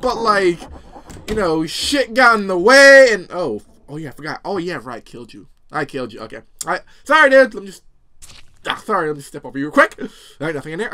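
Young male gaming host, high and lively voice, rambling, profane. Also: slight background noise. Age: young adult. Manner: rambling and profane, full of fillers; jumpy, yelps at scares. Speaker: let's play host. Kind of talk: casual gaming commentary.

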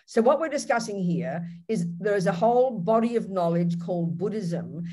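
A woman with an Australian accent, a Buddhist nun teaching and answering questions on a video call in a direct, animated way. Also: medium pitch, normal speed. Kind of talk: dharma teaching with Q&A.

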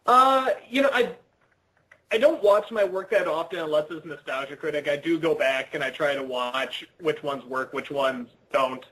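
A young man with a somewhat high, husky voice chats casually over a video call. He rambles through his answers, stacking fillers and restarts and poking fun at himself. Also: normal speed, pushed and bright, low-quality recording. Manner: rambling, self-deprecating, frequent fillers and restarts. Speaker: interview guest. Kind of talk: casual interview chat.

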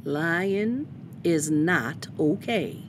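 A woman voicing a stern mother bunny who speaks slowly and firmly. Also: low voice, expressive, a little hiss or hum, full character voice. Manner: slow, measured, firm.

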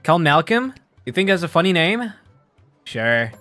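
A man's voice: a little high, big pitch swings, measured pace, a bit bright, soft background music. A man streaming a video game, laughing often and reading the game text aloud.

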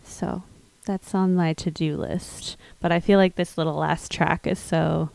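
A woman's voice: lowish voice, steady tone, measured pace, gravelly, a little mellow, a little hiss or hum, poor audio. A woman musician from the American South, with no regional accent, hosting a livestream. She talks in a rambling, thoughtful way between songs, with lots of fillers, and reads out viewer comments. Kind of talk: casual chat between songs.

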